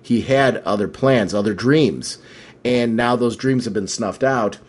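Casting note: mid-pitched male podcast co-host, slightly husky, enthusiastic and thoughtful. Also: unhurried. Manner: enthusiastic, thoughtful, laughs at times. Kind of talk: casual podcast chat about comics.

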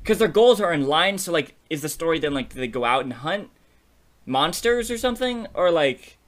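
A man co-hosting a podcast, chatting casually as he brainstorms a story. He is animated, laughs often and keeps checking in with "you know what I mean". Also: fairly high pitch, moderate pace. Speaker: podcast co-host. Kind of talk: casual creative brainstorming chat.

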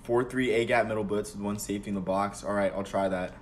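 A young man streaming a football video game live, calmly calling plays between excited outbursts. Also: lowish voice, fast, slight background noise. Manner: excitable, swings between calm play-calling and loud outbursts. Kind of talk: live gameplay commentary.

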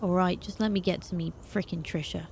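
A woman playing a video game, talking to herself in an animated way and breaking into startled exclamations. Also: lowish voice, a little fast, gravelly, slight background noise. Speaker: let's play host. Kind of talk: gaming commentary.

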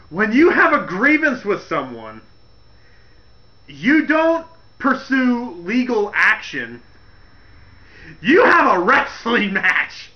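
A man hosting a casual comedic rant, laughing as he retells events in an animated way. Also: high-pitched, highs cut off. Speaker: wrestling commentary host.

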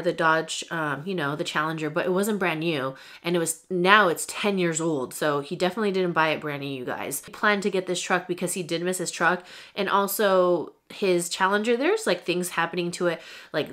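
A woman's voice: on the low side, normal speed, a bit bright. A young woman vlogging straight to her viewers in a candid, chatty way, full of fillers. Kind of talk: casual talk to camera.

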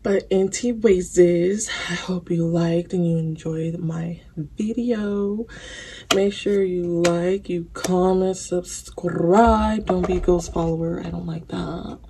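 Slow-talking breathless woman vlogger. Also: fairly low pitch, fairly even intonation, warm tone, a little hiss or hum. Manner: slow, loose and chatty, with sighs and fillers. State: out of breath, mouth burning from spicy food. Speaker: mukbang vlogger. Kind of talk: casual vlog chat to camera.

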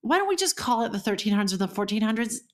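A woman's voice: a little high, very animated, very fast. A woman co-hosting a podcast in casual chat, playful and going off on tangents, swearing freely. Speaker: podcast co-host.

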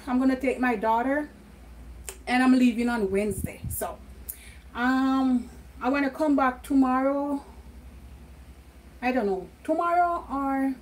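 A woman's voice: high-pitched, darkish tone, a little hiss or hum, low-quality recording. A middle-aged Jamaican woman vlogging casually at home, chatty, laughing often and slipping into patois. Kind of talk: casual home vlog chat.

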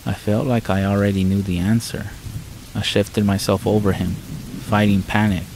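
Man, horror story narrator, low voice, monotone delivery, somber, faint rain behind. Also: normal speed, a little hiss or hum, poor audio. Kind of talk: scripted first-person horror narration. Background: faint rain sounds.

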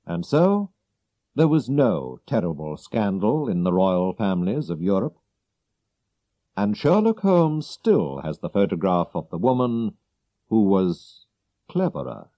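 Slow, lively-toned male storyteller. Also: low voice, dry recording, highs cut off. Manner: slow, deliberate, clearly spaced reading. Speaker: narrator. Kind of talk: slow graded-reader story narration.

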